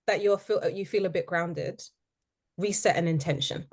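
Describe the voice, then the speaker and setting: Lady coach hosting the call, low calm voice, encouraging, measured. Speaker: host and writing coach. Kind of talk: coaching advice.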